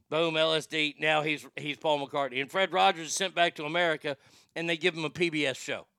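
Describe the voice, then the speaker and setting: Sarcastic, profane man ranting with bright voice. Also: on the high side, fairly even intonation, fairly quick, smooth, no room sound, studio quality. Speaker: podcast host. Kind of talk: ranting comedic commentary.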